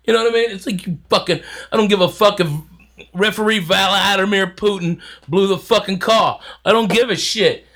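A man hosting a podcast, ranting loudly with mocking, profane jabs. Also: high voice, moderate pace. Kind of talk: casual podcast rant.

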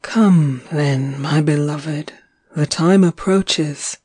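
A woman reading the part of a devoted young man, speaking gently and soothingly to his beloved. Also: low voice, fairly even intonation, slow, no room sound. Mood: tender. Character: tender young man, devoted lover, calm.

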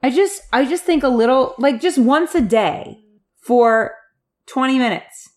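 A woman's voice: high voice, lively intonation, a little slow, darkish tone. A woman co-hosting a casual book discussion, venting emphatically with frequent swearing. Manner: frustrated, emphatic, swears, repeats "here's the thing". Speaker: podcast co-host.

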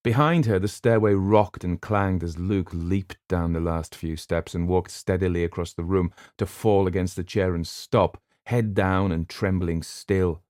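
Deep-voiced man narrating steadily. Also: steady tone, unhurried, hardly any pauses, darkish tone, no echo, studio quality. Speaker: audiobook narrator. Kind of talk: scripted narration.

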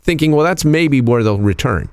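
A man hosting a radio show, telling a story in a casual, animated, teasing way. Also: mid-range voice, normal speed, clean tone, no echo.

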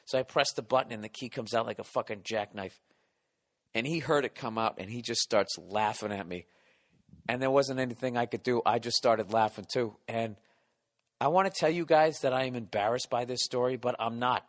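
A man hosting a podcast, telling a profane comic story in an animated, mock-ranting way. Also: mid-range voice, fairly quick, long reverb tail. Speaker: podcast host.

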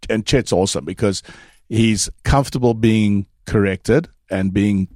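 A man's voice: on the low side, unhurried, darkish tone, dry recording, clean studio sound. Man explaining dog training. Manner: explains at length with many restarts. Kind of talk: casual podcast chat.

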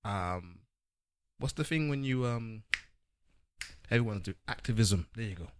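A man's voice: lowish voice, animated, measured pace, smooth, dry recording, studio quality. A man hosting a podcast, talking loosely and rambling as he searches for his words. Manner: rambling, with many fillers and restarts. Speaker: podcast host. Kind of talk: casual podcast chat.

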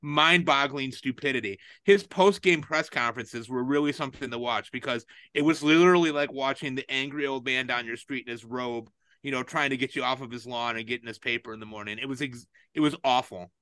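A man's voice: mid-range voice, a little fast, fairly bright tone, smooth, no echo. A man in casual chat, telling long, profane stories and getting more exasperated as he goes. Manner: rambling, profane storytelling with rising exasperation.

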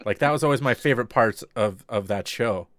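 A man's voice: medium pitch, fairly quick, fairly bright tone, no echo, clean studio sound. A man co-hosting a podcast, rambling in casual chat with many fillers and restarts. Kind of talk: casual chat about TV shows.

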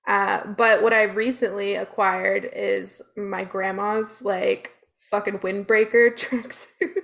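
A woman's voice: mid-range voice, steady tone, slow, gravelly, a bit bright. A woman chatting casually, laughing often and telling upbeat stories with casual swearing. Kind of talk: casual chat.

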